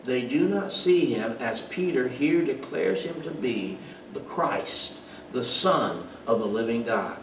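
Speaking slowly with lively intonation, this medium-pitched man is a pastor giving an earnest online Bible study sermon. His preaching includes rhetorical questions along with a few slips and asides. Slight background noise and faint room ambience come through, as he was recorded at a distance in a spacious setting.

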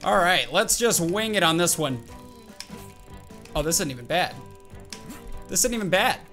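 A man giving live commentary while playing a video game, excitable and reactive, bursting into yelps and shouts. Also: high voice, moderate pace, soft background music. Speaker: gaming channel host.

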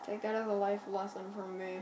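A woman's voice: mid-range voice, little pitch movement, a little fast. Woman, casual let's play commentary, goofy, talks to herself, noisy background. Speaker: gameplay commentator. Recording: noisy home recording.

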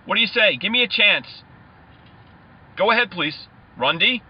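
A man's voice: high-pitched, lively intonation, normal speed, highs cut off, slight background noise. A man making prank calls, teasing and flirting with pick-up lines. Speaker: prank caller. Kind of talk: prank phone call.

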